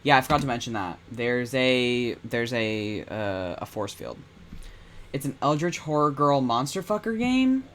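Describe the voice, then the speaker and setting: An excitable man gives casual game commentary, swearing and reacting fast. His voice sits mid-pitch, and a faint hiss runs under it. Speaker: streamer. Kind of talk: casual game commentary while reading aloud.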